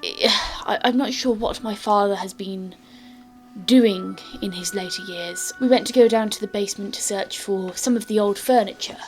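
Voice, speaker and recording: Uma mulher fazendo um jovem nobre educado e hesitante, que gagueja e tropeça nas palavras, numa partida de RPG de mesa. A voz é de tom médio, com música baixinha ao fundo. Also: female voice, mid-range voice, moderate pace, faint music behind, natural voice. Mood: hesitant. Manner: hesitant, stammering, polite. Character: hesitant polite young nobleman heir.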